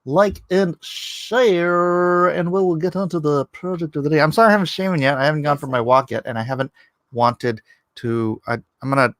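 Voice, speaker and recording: A man's voice: on the high side, steady tone, fast talker, a bit bright, dry recording. A middle-aged man hosting a casual livestream from his home studio, rambling and joking as he fiddles with his camera setup. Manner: rambling, self-interrupting, jokey. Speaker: livestream host.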